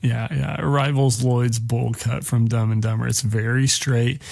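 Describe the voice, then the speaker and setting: A man's voice: medium pitch, level tone, unhurried, gravelly, darkish tone, no echo. Profane, rambling male podcast host. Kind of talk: casual movie recap podcast.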